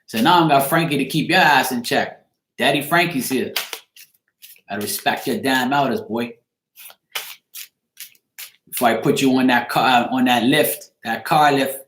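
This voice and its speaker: A man's voice: mid-range voice, a bit bright, echoey room, slight background noise. A man with a Bermudian accent, a tarot reader chatting casually on a live stream, greeting viewers by name and swearing freely.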